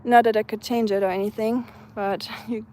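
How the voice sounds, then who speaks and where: A woman's voice: fairly high pitch, flat delivery, moderate pace, darkish tone. A woman in her twenties from Germany with a German accent, chatting casually on an outdoor live stream and reading out viewer comments. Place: outdoors, feeding stray cats.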